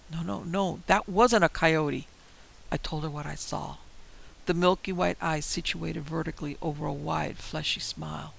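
A man giving tense, measured first-person horror story narration. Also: on the high side, vocal fry, fairly bright tone, slight background noise, low-quality recording.

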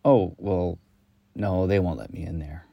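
A man doing a shy, halting young drifter. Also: low-pitched, creaky, dry recording, lo-fi sound, exaggerated voice. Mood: unsure. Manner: hesitant, halting.

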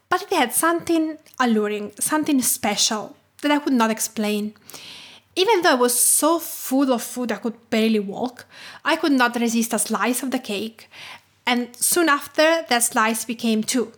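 A woman's voice: fairly high pitch, fairly bright tone. A woman from Tuscany with an Italian accent, hosting a cooking podcast in scripted narration that lingers on food details. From Tuscany, Italy. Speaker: podcast host.

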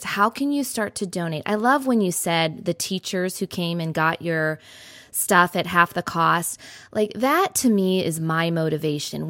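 A woman's voice: on the low side, no room sound, clean studio sound. A woman hosting a podcast interview, speaking in an encouraging, reflective way. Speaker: podcast host. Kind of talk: casual interview chat.

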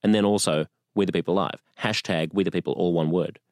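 A man's voice: low-pitched, fairly even intonation, fairly quick, a little mellow, no room sound, clean studio sound. A man from Australia, a radio host guesting on a podcast, telling rambling stories with plenty of laughter. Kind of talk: casual chat.

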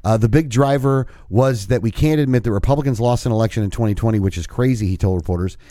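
A man with a mid-range, dark-toned voice talks fast on a casual podcast he co-hosts, recorded with clean studio sound and no room echo. He rambles with many restarts and reads news items aloud.

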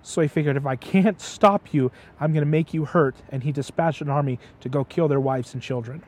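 A man's voice: a little high, brisk, darkish tone, husky. A man chatting as his father's guest, retelling a story with passion and often stumbling over repeated words. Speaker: guest, host's son. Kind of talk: casual storytelling chat.

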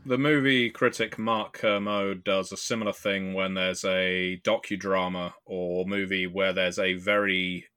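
A man with a low yet bright, forceful voice chats on a podcast, telling wry stories and breaking into laughs. The sound is dry and close. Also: level tone, measured pace, hardly any pauses, no echo. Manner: chatty, laughs often, wry storytelling. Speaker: podcast co-host and game designer. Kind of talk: casual podcast chat.

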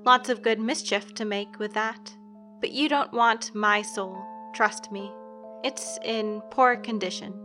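A woman's voice: medium pitch, steady tone, unhurried, music in the background, close to an everyday voice. A woman voicing a guarded, inhuman woman who poses as a witch, speaking blunt and clipped. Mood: probing.

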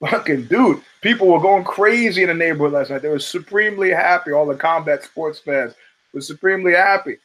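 A man from the United States hosts a casual monologue, swearing freely and acting out the voices in his stories. His voice sits a little higher than most men's, and he talks with animated energy. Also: brisk, low-quality recording. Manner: profane, animated storyteller who acts out quotes. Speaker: show host.

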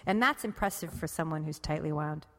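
A woman's voice: low voice, fairly quick, fairly bright tone, in a large hall, a little hiss or hum. A woman chatting casually on a podcast, rambling and correcting herself mid-sentence, often breaking into laughter. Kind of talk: casual conversation about meditation.

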